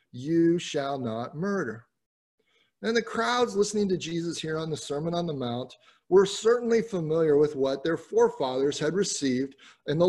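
A man's voice: a little high, darkish tone, husky. A man giving an earnest, explanatory Bible teaching in sermon style, often repeating words as he restarts sentences. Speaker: pastor teaching scripture.

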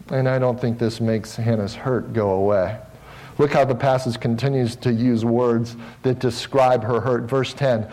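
A middle-aged male pastor delivers a sermon to a congregation in a church sanctuary. He speaks earnestly and pokes fun at himself, calling out directly to the listeners. His voice climbs higher and louder on his exhortations and then settles low and quiet when he reflects. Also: low-quality recording. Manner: earnest, self-deprecating, calls out to the congregation.

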